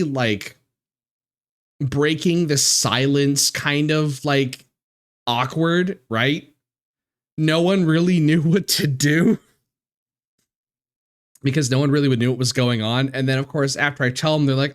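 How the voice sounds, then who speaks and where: A man streaming live, talking in a halting, emotional way with many restarts and swearing, close to tears. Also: mid-range voice, expressive. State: near tears. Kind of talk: casual live-stream chat.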